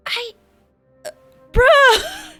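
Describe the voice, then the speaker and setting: A woman streaming a video game live, excitable and giggly, squealing and chatting to her viewers. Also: very high-pitched, very slow. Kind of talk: live gaming commentary. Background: game music.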